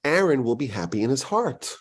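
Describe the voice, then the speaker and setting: A man giving a Torah lecture as a rabbi, animated and acting out quoted voices. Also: brisk, slightly rough. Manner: animated, acts out quoted voices with big pitch jumps.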